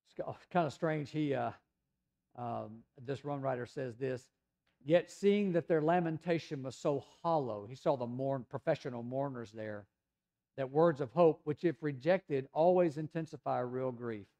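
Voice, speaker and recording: Southern male pastor, middle-aged, mellow tone, chatty sermon delivery with sudden loud and soft turns. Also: medium pitch, measured pace. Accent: Southern American. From Tennessee, USA.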